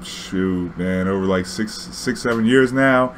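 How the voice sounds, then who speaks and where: A young man telling a story casually, profane and animated, acting out dialogue. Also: low-pitched, measured pace, a little hiss or hum.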